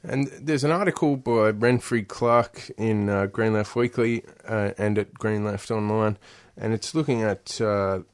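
A man hosting a radio interview, asking questions in a measured, hesitant way with frequent "uh". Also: lowish voice. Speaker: radio host.

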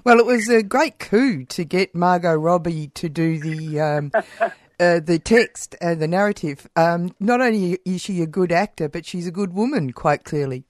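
A radio host interviewing a guest, pausing often with "uh" while hunting for words. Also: mid-range voice, no echo, clean studio sound. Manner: hesitant, many "uh" pauses.

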